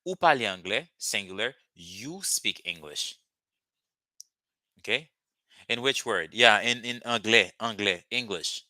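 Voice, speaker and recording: A man teaching a live language lesson, patiently repeating words slowly for learners. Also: on the low side, sharp tone, no room sound.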